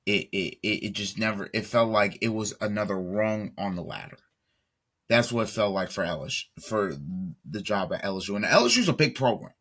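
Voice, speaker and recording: A man's voice: fairly low pitch, fairly even intonation, moderate pace, fairly bright tone. A man hosting a solo sports commentary show, talking emphatically, repeating himself and restarting sentences as he builds his point. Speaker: sports talk host.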